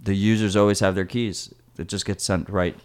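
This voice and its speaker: A man with a low voice co-hosting a podcast in casual chat. He explains points at length and leans on the word "like" as a filler. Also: fairly even intonation, moderate pace. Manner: explains at length, uses "like" often. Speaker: podcast co-host.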